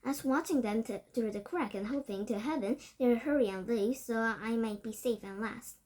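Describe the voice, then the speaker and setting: A woman reading a children's novel aloud, with steady narration and occasional slips over words. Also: on the high side, moderate pace. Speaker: storybook reader.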